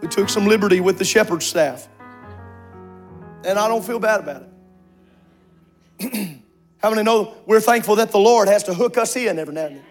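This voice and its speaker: A man preaching a sermon to a congregation in a church, impassioned and rising to shouts on drawn-out words. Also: sits high, soft background music. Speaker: pastor.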